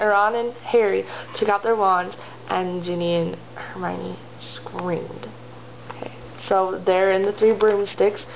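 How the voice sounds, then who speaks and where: A woman's voice: mid-range voice, slight background noise. A woman vlogger casually retelling a story, rambling and chatty, full of fillers. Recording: slightly dull lo-fi home video audio.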